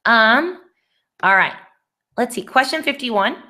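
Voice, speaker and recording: A woman's voice: a little high, animated, slow, pushed and bright. Young female teacher, casual and patient, thinks aloud on a laptop video call. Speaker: Spanish teacher. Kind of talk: online class review session.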